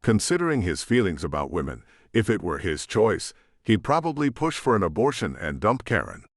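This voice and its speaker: A male narrator reading a first-person romance audiobook with expressive, emotional delivery. His voice sits on the low side and moves lively through its pitch range. The recording is dry and close, without room sound. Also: moderate pace, dry recording.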